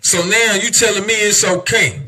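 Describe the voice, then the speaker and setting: At a normal speed, this young podcast host rants with heat and emphasis, cursing heavily and firing off rhetorical questions. His voice is high, bright and forceful, with a steady tone.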